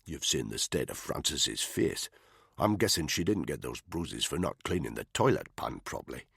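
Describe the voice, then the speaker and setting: A shifty, wary soldier who talks low and mutters, as a male narrator plays him. The voice is very deep and husky, and it stays close and dry. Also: sing-song, normal speed, fairly bright tone, no room sound, full character voice. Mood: hushed.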